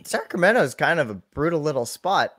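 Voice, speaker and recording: A man's voice: fairly high pitch, sing-song, fast talker, over a noisy crowd. A man co-hosting a podcast who chats casually, jokes and laughs often. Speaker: podcast co-host. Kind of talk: casual chat.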